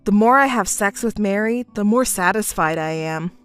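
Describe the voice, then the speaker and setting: A woman's voice: medium pitch, moderate pace, smooth, faint music behind, lightly acted. A woman voicing a smug, crude, cheating husband in a text-story voice-over, speaking dismissively.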